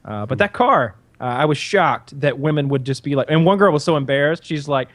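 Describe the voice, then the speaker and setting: A man's voice: fairly high pitch, lively intonation, fairly quick, fairly bright tone, no room sound. A man co-hosting a podcast, rambling through a story in casual chat, with many fillers and restarts. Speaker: podcast co-host.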